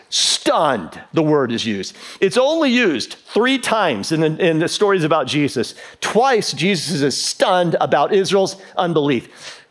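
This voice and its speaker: Pastor guy mid-sermon, middle-aged, high and really expressive, does little voices then goes quiet. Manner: animated storytelling, acting out voices, drops to a hush.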